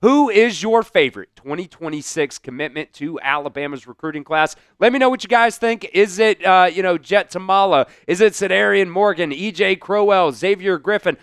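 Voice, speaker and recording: A man's voice: high voice, normal speed, few pauses, clean tone, no room sound, studio quality. Upbeat man hosting a sports show. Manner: energetic, addresses viewers directly. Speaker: sports recruiting show host. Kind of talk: casual sports talk show.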